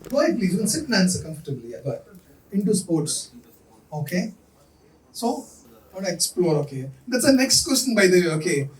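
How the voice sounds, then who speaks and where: A man leading a leadership workshop for students, energetic and coaxing, repeating his instructions. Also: high-pitched, fairly quick, pauses often. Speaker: leadership coach running a workshop. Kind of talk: interactive workshop talk to students. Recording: echoey hall, voice from far off.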